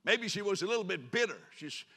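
Male pastor, lively joking sermon, bright tense voice, long reverb of a church sanctuary. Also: sits high, fast talker. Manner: animated, joking with the congregation.

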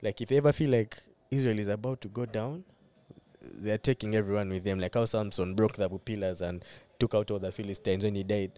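A man's voice: lowish voice, fairly even intonation, brisk, warm tone, clear, resonant tone. Casual man, podcast co-host, rambling banter with frequent laughs. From Uganda. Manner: loose, rambling, laughs often. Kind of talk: casual chat.

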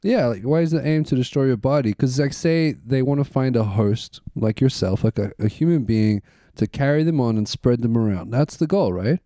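A man's voice: mid-range voice, normal speed, dark tone, no echo. A man co-hosting a podcast, chatting casually and crudely, riffing jokes and bits. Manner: crude, joking, riffs in bits. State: coughing. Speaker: podcast co-host. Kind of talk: casual chat.

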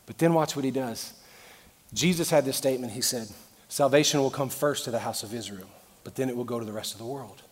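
A man preaching a sermon as pastor, out of breath and impassioned, shifting between loud preaching and quieter asides. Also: medium pitch, a little fast, breathy edge. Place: large church sanctuary. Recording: church hall reverb.

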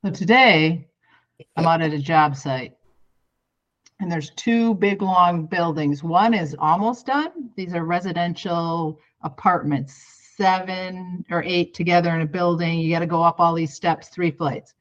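A woman's voice: fairly low pitch, unhurried, lo-fi sound. A woman co-hosting a podcast, telling a story bluntly, with plenty of swearing and self-mocking humor. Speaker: podcast co-host. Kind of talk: casual storytelling.

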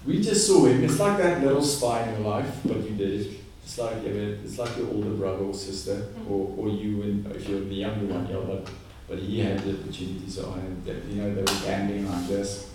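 A man preaching a conversational, animated sermon. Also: lowish voice, a little fast, few pauses, slight background noise. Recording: echoey room, distant mic.

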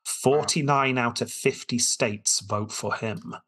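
A man narrates history in a casual podcast. His voice is slightly husky, and he reads quotes aloud and adds dry, joking asides. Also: medium pitch, slow, a bit bright. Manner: storytelling, quoting sources, dry asides. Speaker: podcast host telling history.

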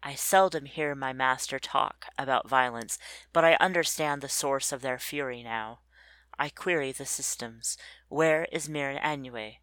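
A narrator reading a first-person story in an introspective, measured way. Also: medium pitch, a bit bright, no echo.

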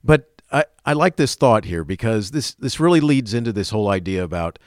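Lively low-voiced male interviewer. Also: brisk, no room sound, studio quality. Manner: enthusiastic, chatty. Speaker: interview host. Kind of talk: interview conversation.

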